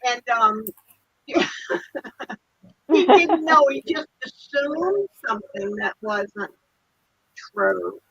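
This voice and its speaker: A woman's voice: on the high side, lively intonation, extremely slow, vocal fry, long pauses, a bit bright, slightly rough, no room sound, muffled recording. An older woman telling a story in a casual chat, laughing often and acting out other people's lines, heard over a video call. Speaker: guest.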